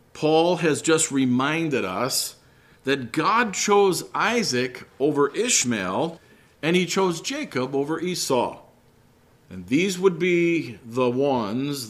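A man with a medium-pitched, fairly bright voice preaches a sermon. He reads scripture aloud and explains it, rising emphatically on key phrases.

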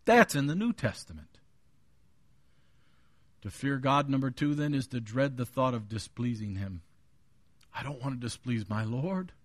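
A man preaching a sermon, booming when he quotes scripture, dropping low on his asides, and joking with the congregation. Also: no room sound. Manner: jokes with the congregation. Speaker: pastor.

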